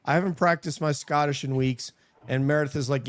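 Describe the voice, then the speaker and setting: A man's voice: a little high, fairly even intonation, fairly quick. A man hosting a livestream call, joking about himself and hyping up guests in casual chat. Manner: jokey, self-deprecating, hypes guests. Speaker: stream host and producer. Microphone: online video call.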